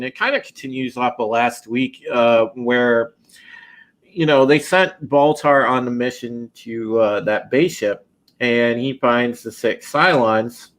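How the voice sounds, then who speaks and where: Introducing a casual live-stream panel, this podcast host talks in a mid-range, slightly bright voice. He stays loose and chatty, often using fillers and starting sentences over.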